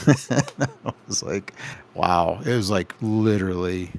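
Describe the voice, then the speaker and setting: Store-owner guest type: low-pitched man, loose storyteller who voices the people in his tales. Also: takes it slowly, gravelly, a little mellow. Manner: rambling anecdotes with acted-out quoted dialogue. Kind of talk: casual podcast storytelling.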